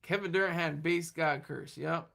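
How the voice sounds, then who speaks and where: A gravelly, somewhat bright mid-range voice at a moderate pace belongs to a livestream host who rambles casually. Though running on fumes, the host laughs a lot and responds to comments coming in from the chat.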